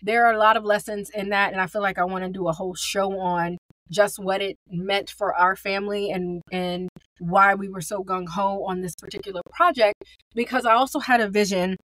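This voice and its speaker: A woman's voice: mid-range voice, steady tone, moderate pace, a bit bright. A woman of forty speaks alone into a close podcast mic, candid and upbeat. Her voice sits in a middle range, and the sound is dry with no room echo. She talks to the listener like a friend. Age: 40s. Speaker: podcast host. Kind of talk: solo podcast monologue.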